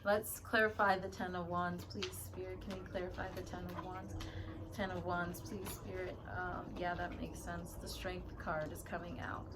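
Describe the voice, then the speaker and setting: A woman's voice: fairly low pitch, level tone, moderate pace, background noise. Chatty woman reading tarot casually. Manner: chatty, stumbles and corrects herself often; quiet murmured asides while pulling cards. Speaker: tarot reader.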